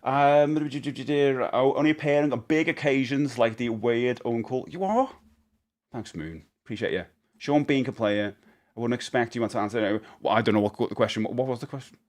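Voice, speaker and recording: A man's voice: mid-range voice, normal speed, darkish tone. A middle-aged man chatting casually on a live stream, rambling and often laughing.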